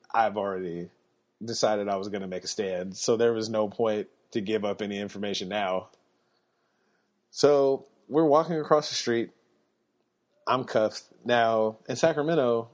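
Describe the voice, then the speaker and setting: A man's voice: on the low side, a little mellow, lo-fi sound. A man telling a story in a laid-back way on a podcast, laughing now and then. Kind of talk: casual storytelling.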